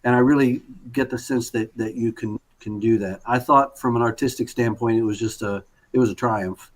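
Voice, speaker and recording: A man's voice: medium pitch, fairly even intonation, normal speed. A male conductor judges an audition over a video call. He praises the player at length and trips over many fillers and restarts along the way. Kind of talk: spoken feedback on a performance.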